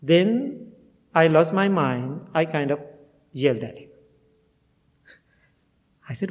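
Animated yet a little slow, with long pauses, a middle-aged Buddhist monk speaks in a fairly high, darkish voice. He gives a heartfelt storytelling dharma talk in a temple meditation hall, sometimes laughing at himself, amid long hall reverb.

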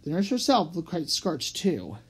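A reader narrating a children's audiobook in a lively, expressive read-aloud manner with small slips. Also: medium pitch, moderate pace, slightly rough, low-quality recording.

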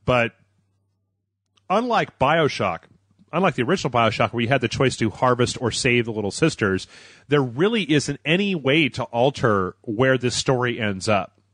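A man's voice: medium pitch, expressive, normal speed, a bit bright, no echo, clean studio sound. A man co-hosting a podcast in casual, rambling chat, laughing often and swearing freely. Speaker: podcast co-host.

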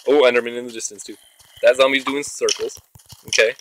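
A man's voice: mid-range voice, a little fast, long pauses, fairly bright tone, low-quality recording. A man hosting his own gaming channel, giving casual, chatty commentary as he plays and talking to the creatures in the game. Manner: chatty, talks to himself and the game mobs.

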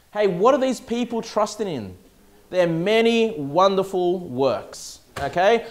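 A man's voice: sits high, very animated, measured pace. A male pastor preaching a sermon, emphatic and often checking in with "okay?" and "all right?".

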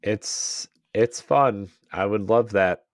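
A man with a very low, deep voice talks loosely on a podcast, wandering through his thoughts with plenty of fillers and restarts. His voice is recorded close and dry, with no room sound. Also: slow pace, no echo. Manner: rambling, many "like"s and restarts. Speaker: podcast co-host. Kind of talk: casual podcast chat.

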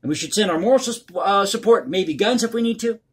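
Male commentary host with a high, husky voice, blunt and crass in his opinions. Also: lively intonation, quick pace.

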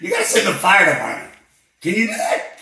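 A man playing a frantic, panicked caller, pleading and shouting on a prank call. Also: high voice, huge pitch swings, a little fast, gravelly, a crowd in the background, heavily acted. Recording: very echoey room.

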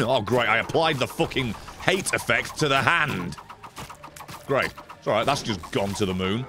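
A young man commentating his own gameplay on a live stream, profane and animated, grumbling then yelling at the game. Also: medium pitch, moderate pace. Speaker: gaming streamer. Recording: game music behind voice.

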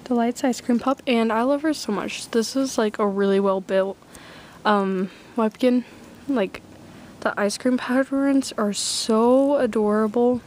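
A teenage girl chatting excitedly in a casual haul video, full of "like" and "oh my gosh". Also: a little high, measured pace, a little hiss or hum. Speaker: vlogger showing a thrift haul.

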